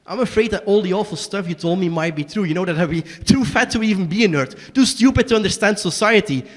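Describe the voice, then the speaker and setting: A young man performing a one-man tragicomedy on a small stage, shifting between quiet confession and angry outbursts. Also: sits high, quick pace, in a large hall. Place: small basement performance space.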